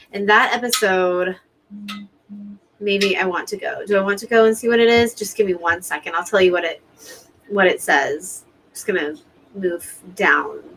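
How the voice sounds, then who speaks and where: A woman's voice: mid-range voice, a bit bright, rough recording. Chatty woman hosting a live watch party. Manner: chatty and emotional, talks straight to viewers. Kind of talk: casual live commentary to viewers.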